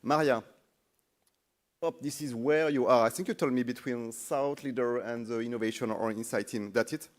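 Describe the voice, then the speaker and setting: Halting French-accented man moderating. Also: mid-range voice. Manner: halting, repeats words, searches for phrasing. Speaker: panel moderator, corporate foresight lead. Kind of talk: moderating a conference panel. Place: conference stage.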